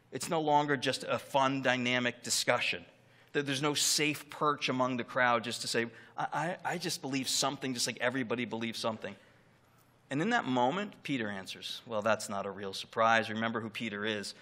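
A man's voice: medium pitch, pushed and bright. A man preaching a sermon, earnest and emphatic, pressing hard on key words. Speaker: pastor.

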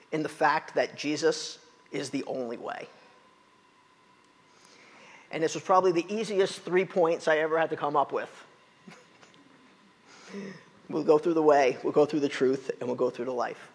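A man preaching a sermon, retelling scripture with lively, acted-out quotes. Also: on the high side, long reverb tail. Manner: animated storytelling, acting out quotes.

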